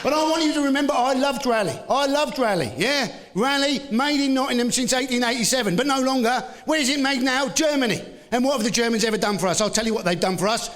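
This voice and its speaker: A British man doing stand-up comedy in a high, ringing voice. He drives his jokes with sarcastic rhetorical questions and sudden shouted outbursts. A faint noise sits under the recording. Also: fast, hardly any pauses. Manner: sarcastic, punchy, full of rhetorical tag questions; shouty bursts mocking a bigoted motorist. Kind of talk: live stand-up routine. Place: live comedy venue.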